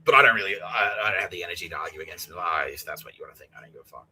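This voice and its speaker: A man's voice: low voice, very fast, pushed and bright, slight background noise, poor audio. A man in his thirties, a podcast host telling a rambling, profane story and acting out the other people's lines. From Australia. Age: 30s. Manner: profane, acts out others' lines, laughs often. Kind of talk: rambling monologue.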